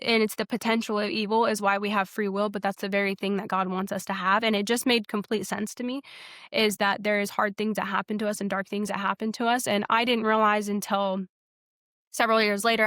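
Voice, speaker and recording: A woman's voice: medium pitch, fairly bright tone, dry recording, studio quality. A young woman sharing her personal faith testimony as a podcast guest, earnest and rambling, with many fillers and restarts. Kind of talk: personal testimony in a casual interview.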